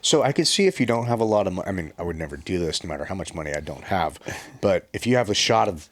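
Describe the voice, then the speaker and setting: A man with a lowish voice fires off quick jokes and banter in a casual podcast chat. He talks fast and keeps the conversation moving. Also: animated, dry recording. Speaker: guest tattoo artist.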